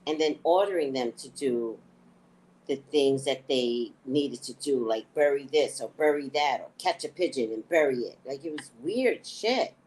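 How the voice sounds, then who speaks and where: A woman's voice: extremely low pitch, lively intonation, moderate pace, a little mellow, slight background noise, low-quality recording. A woman hosting a casual book discussion. She talks candidly and laughs while telling stories. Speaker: host.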